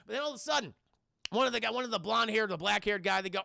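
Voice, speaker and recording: Excitable, high, gravelly male reviewer. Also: very fast, no echo, studio quality. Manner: excitable, swearing, acting out characters in funny voices. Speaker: cartoon reviewer streaming to chat. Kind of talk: animated scene-by-scene recap to a stream chat.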